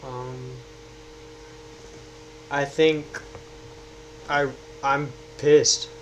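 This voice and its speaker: A man at a tabletop game speaks slowly and deliberately, with a defiant edge. His voice sits at a middle pitch, and a faint hum runs underneath. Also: level tone, rough recording. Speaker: player. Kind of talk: tabletop role-play, in character at times.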